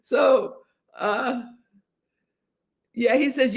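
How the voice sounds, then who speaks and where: A slightly slow, somewhat bright, high-leaning voice belongs to a woman in her seventies who hosts a casual livestream chat. She rambles on, often hesitating and starting over.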